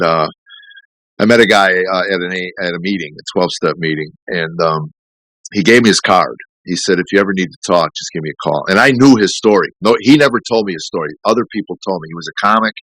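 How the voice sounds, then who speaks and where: Low-voiced man telling a candid story. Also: fairly bright tone, no room sound, poor audio. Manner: rambling, candid storytelling with many restarts and fillers. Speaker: comedian guest. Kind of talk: storytelling in podcast interview.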